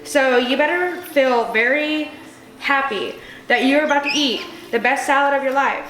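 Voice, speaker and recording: Tipsy high-voiced woman cooking. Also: normal speed, a bit bright. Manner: crude and profane, giggly. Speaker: host of a cooking video. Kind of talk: casual cooking vlog. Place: home kitchen. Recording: echoey room with faint music.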